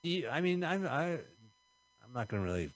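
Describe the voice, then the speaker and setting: A man's voice: a little high, sing-song, moderate pace, no echo. A man co-hosting a radio show, riffing and joking in loose, casual banter about a movie. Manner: jokey, riffing, trailing off mid-thought. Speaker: radio co-host. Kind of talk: casual film-talk banter.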